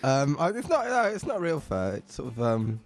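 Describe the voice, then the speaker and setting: A man's voice: mid-range voice, huge pitch swings, moderate pace. A young man guesting on a casual comedy podcast, rambling, giggling and tripping over his words. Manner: giggly, rambling, self-interrupting. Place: small home studio.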